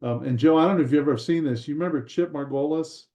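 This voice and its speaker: Mellow-voiced male podcast host. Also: on the high side, quick pace. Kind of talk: casual podcast chat.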